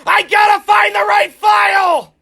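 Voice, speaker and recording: A man doing an impression of a comedian, shouting every movie part in a strained, nasal, very high screech. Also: little pitch movement, unhurried, gravelly, a faint crowd, full character voice. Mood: shrieking.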